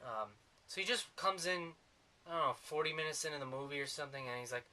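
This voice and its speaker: A man's voice: on the high side, fast, bright, forceful tone. A man giving a sarcastic, rambling comedic movie review.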